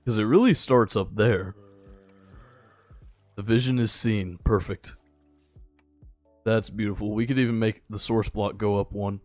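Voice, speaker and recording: A tired young man giving relaxed, rambling live-stream commentary while he plays, chatting with his viewers. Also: fairly low pitch, measured pace, long pauses, dry recording, soft background music. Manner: laid-back, rambling, chats with viewers. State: a little tired. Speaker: gaming streamer.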